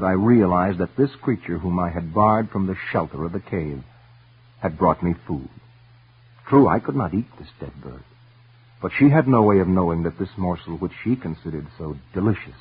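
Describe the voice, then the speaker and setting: A man giving earnest, intense first-person dramatic narration for a radio story, sometimes dropping to hushed tones. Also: low voice, slightly rough. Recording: tinny old radio broadcast with faint music.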